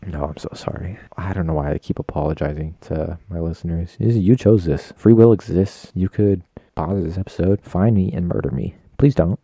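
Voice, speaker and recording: A young man talks on his own podcast with a very low, gravelly voice. He rambles from story to story in a crude, self-mocking way. His tone is dark and mellow, and the recording is close and dry with no room sound. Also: no echo. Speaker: podcast host. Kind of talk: casual solo podcast monologue.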